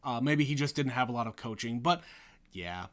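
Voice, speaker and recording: A man's voice: medium pitch, animated, moderate pace. A man co-hosting a podcast, chatting casually about a movie and often answering with short agreeing replies. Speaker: podcast co-host. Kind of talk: casual movie-discussion chat.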